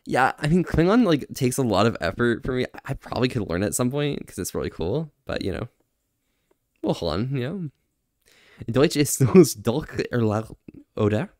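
A man's voice: lowish voice, a little mellow, no echo, clean studio sound. A man streaming casually, answering chat, laughing often and trying out phrases in other languages with self-deprecating humor.

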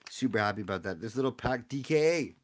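Excitable man chatting on a live stream. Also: medium pitch, fast talker. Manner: excitable, chatty, talks to viewers. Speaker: streamer opening card packs. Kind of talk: casual live-stream chat.

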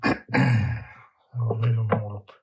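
Bloke vlogging his garden stuff, real slow easygoing chat, lots of ums and restarts. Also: fairly low pitch, fairly even intonation, rough recording. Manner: unhurried, chatty, thinking aloud with fillers and restarts. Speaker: allotment vlogger. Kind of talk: casual chat to camera.

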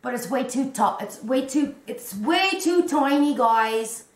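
A rambling, chatty woman in her fifties shows off her crochet from home and talks slowly with many restarts. Her voice sits a little high, and the room around her is echoey. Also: animated. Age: 50s. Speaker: crochet vlogger. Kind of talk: casual show-and-tell chat.

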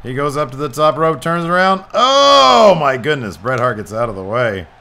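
A man hosting a gaming channel, giving excited play-by-play over a wrestling game with loud exclamations and quiet mutters. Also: mid-range voice, fairly quick.

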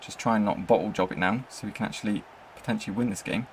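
Excitable young man commentating gameplay. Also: fairly low pitch, fast talker, slight background noise. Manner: excitable, swings between hype and frustration. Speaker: gaming channel host.

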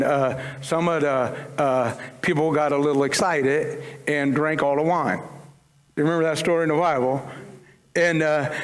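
A man preaching a sermon to his congregation, casual and conversational, with humorous asides. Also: on the high side. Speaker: pastor. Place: church sanctuary. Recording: long church-hall reverb.

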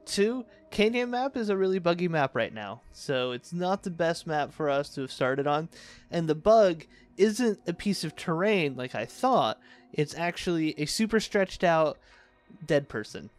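A young man giving casual, wry running commentary on a city-building game he is playing, with dry sarcastic asides. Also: a little high. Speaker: let's play host.

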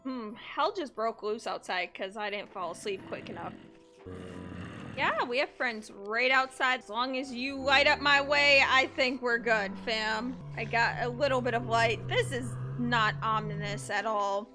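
A woman's voice: a little high, a little slow, bright, forceful tone, soft background music. A young woman hosting a casual game commentary, chatting to viewers, swearing freely and breaking into shrieks and laughter. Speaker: gaming host.

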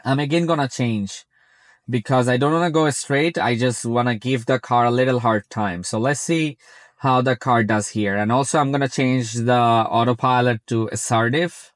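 A man's voice: medium pitch, moderate pace, dry recording. A man speaking English as a second language, chatting casually while driving and commenting on his car's self-driving, often repeating "very" and "like". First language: not English. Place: inside a moving car.

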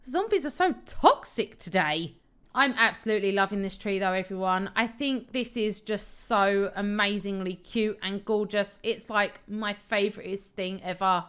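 A woman's voice: medium pitch, normal speed, fairly bright tone, clean tone. A young woman chatting through her gameplay in a bubbly, gushing way, often giggling as she talks. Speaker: Minecraft let's player. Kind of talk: casual gameplay commentary.

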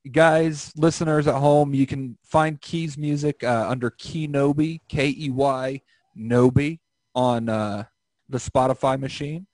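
A man's voice: medium pitch, fairly even intonation, unhurried, a little mellow, no echo. A young man hosting a casual podcast over an online call, rambling and joking crudely. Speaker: podcast host.

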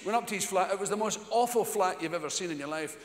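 Scottish man, Glaswegian accent, animated profane stand-up storyteller, high pitch, live theatre reverb. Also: fast. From Scotland. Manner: profane, animated, puts on voices of friends. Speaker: stand-up comedian. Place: large theatre on stage. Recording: echoey live theatre recording. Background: audience laughter.

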